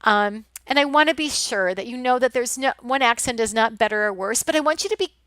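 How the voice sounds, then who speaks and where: A woman from the Midwest, with a Midwestern accent, teaches a class over slides in a loose, chatty way, with frequent ums and false starts. Her voice is a touch high and smooth, and it sounds close and dry, with no room around it. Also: fairly quick, fairly bright tone, no room sound. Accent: Midwestern American. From American Midwest. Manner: chatty, many ums and restarts. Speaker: college instructor. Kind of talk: recorded lecture over slides.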